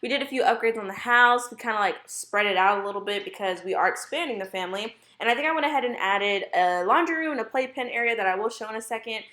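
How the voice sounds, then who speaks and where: A woman's voice: a little high, fast, hardly any pauses, pushed and bright, reverberant. A young woman chatting over her game footage in a bubbly, gushing way, full of "like" and exclamations. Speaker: gaming YouTuber. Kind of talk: casual gameplay voice-over. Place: home room with dogs.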